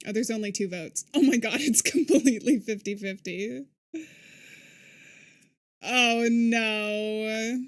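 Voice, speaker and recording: A woman's voice: a little high, slow pace, long pauses. A woman streamer on a live game stream, reading both sides of the dialogue aloud in a put-on British accent and laughing between lines.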